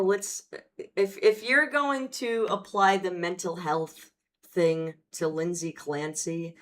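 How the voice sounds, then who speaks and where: Woman host ranting casually, low voice, slow and drawn out, swears a lot, sarcastic. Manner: blunt, profane, sarcastic. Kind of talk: casual commentary.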